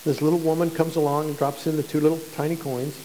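A man's voice: on the high side, level tone, fast, dark tone, slight background noise. Man preaching in an echoey church. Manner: conversational, repeats words, stammers on restarts. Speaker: pastor. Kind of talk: sermon.

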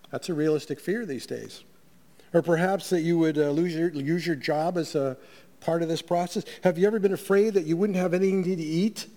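A middle-aged man preaching a weekly sermon, talking plainly with fillers and restarts. His voice sits a touch high for a man. A long reverb trails after each phrase. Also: warm tone. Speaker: pastor.

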